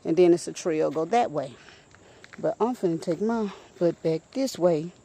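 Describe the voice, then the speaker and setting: A woman's voice: on the low side, moderate pace, warm tone, a little hiss or hum. A woman chatting casually to her viewers while walking a nature trail outdoors, out of breath and talking into a handheld phone. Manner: chatty, keeps addressing viewers as y'all. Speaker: vlogger.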